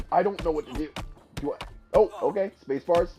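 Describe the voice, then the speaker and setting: A man streaming a game for the first time, commentating excitedly, laughing and trash-talking his opponent. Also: on the high side, normal speed, pauses often, faint music behind. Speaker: gaming streamer. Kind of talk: casual live gameplay commentary.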